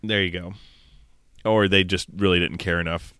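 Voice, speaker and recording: A man with a very low, smooth voice riffs through a movie recap, swearing freely and laughing at the plot. He sounds close to the mic in a dry, dead room. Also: steady tone, normal speed, bright, forceful tone, dry recording. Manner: profane, joking, recaps scenes. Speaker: podcast co-host. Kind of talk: casual movie review chat.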